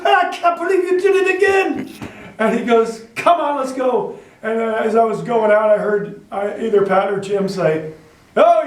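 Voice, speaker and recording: A man recounts his wrestling days in an animated storytelling manner, jumping into other people's voices as he goes. His voice sits high for a man. He sounds set back from the microphone in a roomy, echoing space. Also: recorded from a distance. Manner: animated storyteller who acts out others' lines. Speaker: wrestler, interview guest. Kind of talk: storytelling interview. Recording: echoey room, voice from off-mic.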